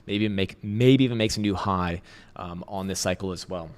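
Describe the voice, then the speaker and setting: A man with a low voice talks a little fast while hosting a crypto trading livestream. His chart commentary is casual and blunt, full of swearing, laughter and rambling restarts.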